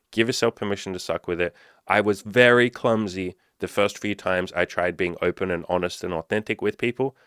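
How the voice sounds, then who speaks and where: A man's voice: deep voice, clear, resonant tone, no room sound, studio quality. A man talking casually to camera as a self-improvement coach, swearing freely and acting out panicky inner voices. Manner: profane, animated, acts out panicky inner voices.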